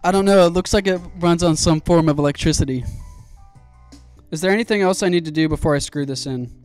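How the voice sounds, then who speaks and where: A young man streaming while he builds a PC, telling an animated story with plenty of swearing. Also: on the high side, fast, clean tone, soft background music.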